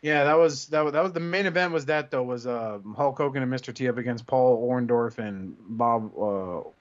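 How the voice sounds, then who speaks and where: A man's voice: mid-range voice, moderate pace, highs cut off. Man rambling through a podcast chat. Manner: rambling storyteller, many restarts. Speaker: podcast co-host. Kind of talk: casual chat.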